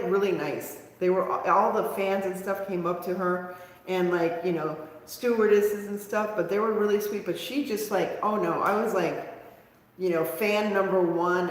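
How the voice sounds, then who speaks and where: A middle-aged woman hosting a crafting livestream, telling stories in a chatty, animated way while answering viewers. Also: mid-range voice. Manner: chatty storyteller, animated asides to chat viewers. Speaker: craft show host. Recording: very echoey room with long reverb.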